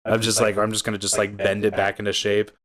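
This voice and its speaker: A man's voice: fairly low pitch, monotone, fast talker, fairly bright tone. A man co-hosting a podcast in casual, joking chat, often rambling and restarting his sentences. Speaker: podcast co-host.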